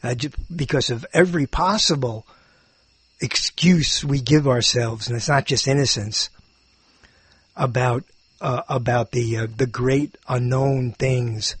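A man's voice: mid-range voice, measured pace, breathy edge, no echo. An older man rambling through a meandering, self-interrupting monologue, chuckling as he muses.

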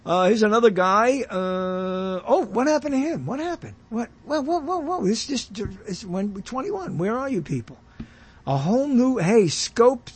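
A man's voice: very high-pitched, expressive, measured pace. A man giving bemused, off-the-cuff commentary as he browses live streams and reads the comments aloud.

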